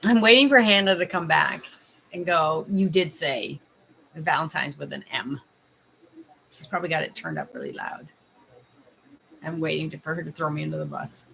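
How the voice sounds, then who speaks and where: Chatty Canadian woman with a bright voice. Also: sits low, very animated, fairly quick, gravelly, a little hiss or hum. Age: 30s. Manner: chatty and teasing, laughs often, banters with viewers. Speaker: life coach hosting a live stream. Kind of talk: casual live-stream chat with viewers.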